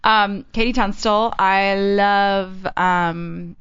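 A woman's voice: medium pitch, very slow, clear, resonant tone, dry recording, highs cut off. A young woman from Texas, a singer, chatting animatedly as an interview guest. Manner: chatty and animated, bursts into song demonstrations. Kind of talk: casual interview chat.

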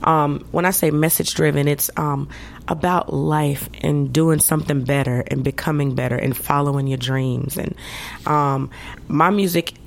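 A woman's voice: low-pitched, steady tone, moderate pace, gravelly. A woman singer, a guest in a casual interview, talking upbeat with frequent laughs. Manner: upbeat, laughs often, breaks into song.

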